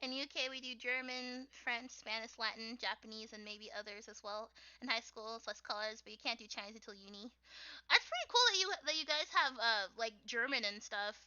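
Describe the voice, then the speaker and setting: Giggly young American woman, bright high voice. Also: a little fast, clean tone. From United States. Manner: giggly, rambling, lots of fillers. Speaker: artist streamer. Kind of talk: casual chat while drawing. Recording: dull lo-fi stream audio.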